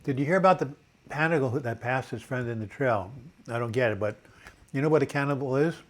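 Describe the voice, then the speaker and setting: A man's voice: mid-range voice, a little fast. An older man hosting a casual live video chat with a dry cough, reading viewers' comments aloud and telling corny jokes.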